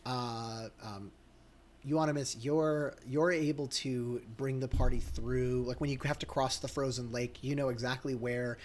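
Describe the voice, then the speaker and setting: A man narrating as game master of a tabletop game, hesitant, with many pauses. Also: medium pitch, steady tone. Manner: hesitant, many ums and restarts.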